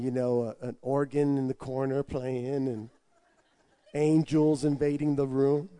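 A man preaching a personal testimony, telling it animatedly with stammered restarts and swinging from hushed asides to loud excited shouts. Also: on the high side. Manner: animated storytelling with stammered restarts and made-up tongue syllables. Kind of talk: testimony sermon.

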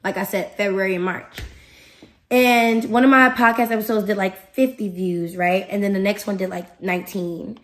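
A woman hosting a podcast in a casual motivational talk, animated and emphatic, speaking straight to her listeners. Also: mid-range voice, normal speed. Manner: animated and emphatic, addresses listeners directly, acts out her own thoughts. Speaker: podcast host.

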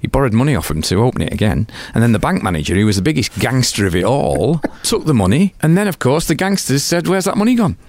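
A man's voice: medium pitch, big pitch swings, quick pace, hardly any pauses, a little mellow, no room sound. An older man with a British accent, talking as an interview guest. He tells stories animatedly, swears freely and acts out other people's lines. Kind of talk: casual interview storytelling.

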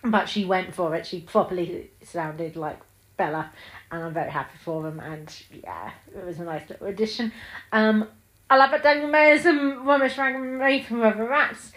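Woman in her 30s, solo podcast host, casual gushing film chat, mid pitch, frequent ums. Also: moderate pace, a bit bright, poor audio.

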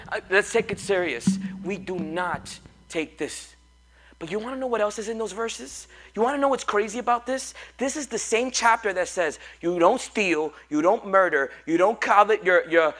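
A male pastor preaching a sermon, animated and joking as he coaxes his congregation along. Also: high voice. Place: church.

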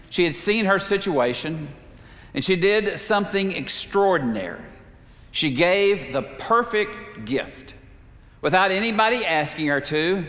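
A man preaching a sermon, telling a story in a measured way with slow, emphatic pauses. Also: a little high, a bit bright. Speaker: pastor. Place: church sanctuary. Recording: reverberant sanctuary.

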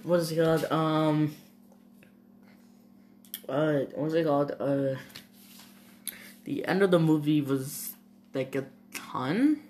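A co-host in casual chat about a movie, laid-back, with soft asides and chuckles. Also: mid-range voice, slow pace, long pauses, slight background noise.

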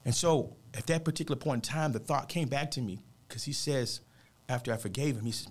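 A man's voice: mid-range voice, brisk. A man who works as a motivational speaker, telling a personal story with heartfelt, emphatic, almost preacher-like earnestness during a radio interview.

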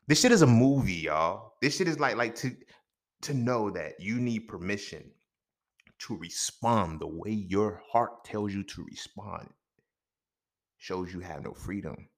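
A man's voice: medium pitch, big pitch swings, unhurried. A young man hosting a podcast alone, talking bluntly and profanely in a casual, conversational storytelling way. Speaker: podcast host. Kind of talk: casual solo commentary.

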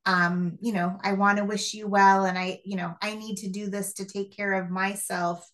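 A woman's voice: medium pitch, flat delivery, moderate pace, a bit bright. A woman at a support meeting, speaking tentatively and asking a question.

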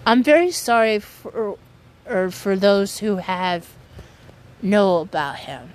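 A woman giving casual commentary on online news in an earnest, halting way, often restarting her sentences. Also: fairly high pitch, lively intonation. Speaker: commentary vlogger.

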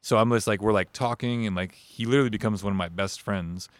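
Fast-talking profane man telling a story. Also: on the low side, no room sound. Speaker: podcast co-host. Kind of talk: casual podcast chat.

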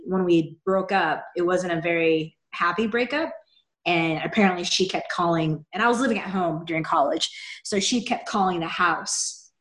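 A woman's voice: lowish voice, moderate pace, fairly bright tone. A woman from Seattle telling a personal story in a candid, chatty way, with a wry, self-deprecating humor. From Seattle, USA. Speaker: guest sharing a personal story. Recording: roomy echo.

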